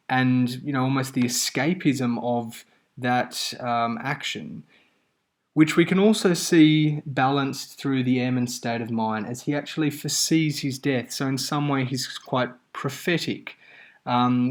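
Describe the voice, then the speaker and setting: A man teaching a lesson on a poem, in a measured, explanatory way with occasional fillers. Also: medium pitch. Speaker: English teacher. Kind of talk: lecture on a poem.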